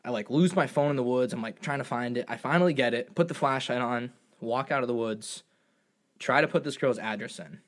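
A young man telling a funny story in casual chat, animated and profane, jumping into high voices when he quotes himself. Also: fairly quick. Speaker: storyteller guest.

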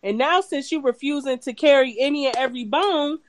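A woman's voice: high voice, a little fast. A woman co-hosting a casual recap chat, blunt and shady, with profanity. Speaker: podcast co-host.

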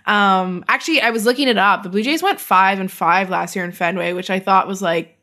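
Woman sports reporter, casual podcast co-host, relaxed with lots of ums. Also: medium pitch, a little fast. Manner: relaxed, thinking aloud with frequent ums.

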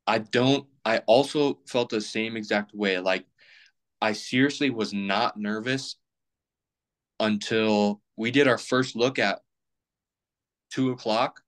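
A man's voice: lowish voice, slow pace, pauses often, a bit bright. A young man in his twenties, a podcast guest rambling casually with plenty of fillers and restarts. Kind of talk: casual chat.

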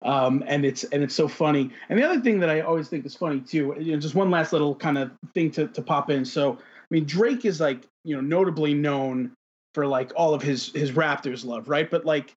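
A man's voice: on the high side, brisk, husky. A man co-hosting a casual chat, rambling through questions with many restarts. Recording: dull lo-fi sound.

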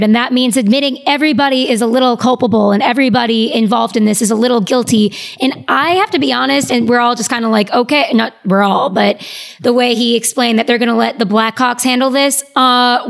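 A woman's voice: fairly high pitch, creaky. A woman speaking as a panelist in a discussion, earnest and questioning.

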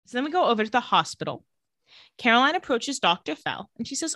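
Woman, sarcastic co-host, animated pitch, casual recap chat. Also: fast, no echo. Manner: sarcastic, laughs often. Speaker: podcast co-host.

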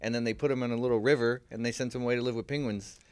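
A man's voice: medium pitch, fairly even intonation, very fast, clear, resonant tone, no echo. A man co-hosting a casual movie chat, joking around with wry asides. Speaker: podcast co-host.

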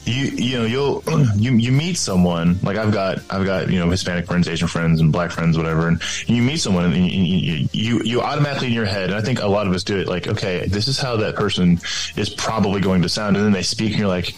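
Deep-voiced man hosting a podcast. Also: fairly quick, soft background music, low-quality recording. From Arkansas. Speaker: podcast host. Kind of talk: casual interview talk.

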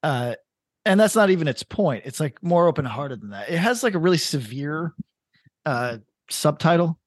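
A man's voice: fairly high pitch, very animated, normal speed, no room sound, studio quality. A man co-hosting a podcast in casual chat, riffing loosely with blunt opinions and frequent swearing. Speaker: podcast co-host.

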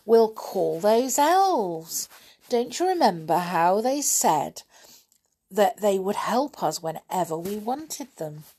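Storybook boy, young and firm, takes the lead, slow and creaky; a woman reads it. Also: medium pitch, very animated, mellow, heavily acted. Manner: firm, leading. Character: bold, determined young boy.

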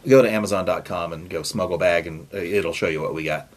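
A man's voice: deep voice, quick pace. A man co-hosting a podcast, telling a long rambling story in casual chat with plenty of filler words. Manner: rambling, lots of uh fillers, acts out quotes. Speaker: podcast co-host.

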